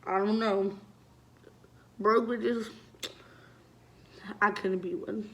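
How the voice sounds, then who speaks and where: A young woman spins a casual storytime for her channel, talking loosely with constant fillers and swearing. Her voice sits in an ordinary middle pitch and rises loud and animated when she acts out a scene. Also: drawn-out words. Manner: chatty, heavy use of "like" and swearing. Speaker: vlogger.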